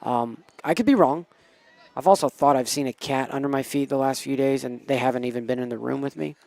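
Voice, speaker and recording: A man doing casual, excitable play-by-play for a high school softball game, chatty and cheering the batters on. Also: a little fast, gravelly, no room sound. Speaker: play-by-play commentator. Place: small school TV studio booth.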